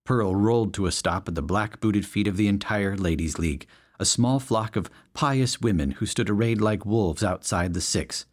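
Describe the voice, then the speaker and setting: A man's voice: lowish voice, moderate pace. A man narrating a western story in a wry storytelling manner. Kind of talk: audiobook narration.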